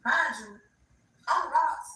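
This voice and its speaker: A woman hosting a livestream, casually telling a story to her viewers in an animated, slangy way. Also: high voice, measured pace, distant mic. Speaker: livestream host. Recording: echoey room, away from the mic.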